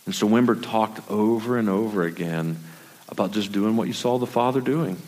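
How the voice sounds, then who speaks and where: A man's voice: fairly low pitch, moderate pace, a little mellow. A man preaching a sermon in a loose, conversational storytelling manner and sometimes repeating his words. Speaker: pastor. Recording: long reverb of a large hall.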